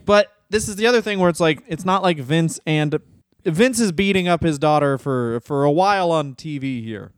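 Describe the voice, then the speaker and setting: A man co-hosting a comedy podcast in casual chat, swearing freely and correcting himself with quick jokey asides. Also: on the high side, lively intonation, clean tone, no echo, studio quality. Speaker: podcast co-host.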